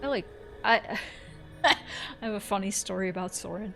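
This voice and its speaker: A woman's voice: mid-range voice, moderate pace, vocal fry, a bit bright, faint music behind. A woman in her thirties from Central Florida, telling rambling stories with some swearing as she plays a game. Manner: rambling storyteller, swears, laughs at herself. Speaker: gaming streamer. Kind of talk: casual gameplay commentary.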